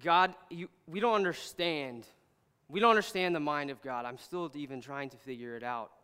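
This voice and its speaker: Young male pastor, high, bright and crisp voice, earnest chatty preaching full of "like", long hall reverb. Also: moderate pace. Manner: earnest, animated, heavy use of "like". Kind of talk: casual storytelling sermon.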